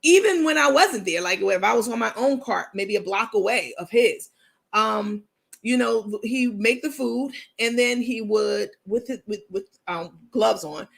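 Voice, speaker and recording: A woman's voice: fairly high pitch, lively intonation, a little slow, vocal fry. A woman with a New York accent hosting a chatty, rambling commentary show, reading out viewer comments as she talks. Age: adult with a university degree. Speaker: commentary channel host. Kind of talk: casual livestream-style commentary.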